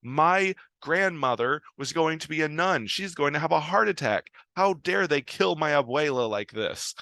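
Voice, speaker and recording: A man's voice: on the high side, animated, moderate pace, creaky, bright, forceful tone, no echo, voice pushed up, full character voice. A man voicing an outraged, dramatic famous actress, exclaiming indignantly in a raised voice.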